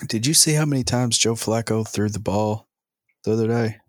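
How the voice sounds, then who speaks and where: A laid-back man, talking sports on a podcast in a lowish voice. The sound is dry and close to the mic. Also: moderate pace, no room sound. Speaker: podcast co-host. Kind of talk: casual sports chat.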